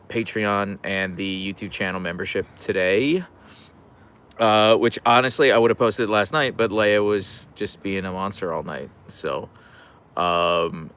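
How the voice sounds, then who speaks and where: A casual home livestream finds this dog owner on his couch, reading viewer comments aloud and trading jokes in a chatty way. His pitch is fairly low, and his tone is a bit bright.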